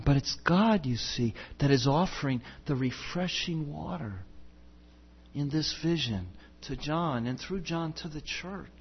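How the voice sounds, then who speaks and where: Man, pastor preaching, high voice, slow deliberate delivery, emphatic, dull lo-fi recording. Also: breathy edge. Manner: emphatic, rhetorical, swings between loud and hushed. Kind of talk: sermon.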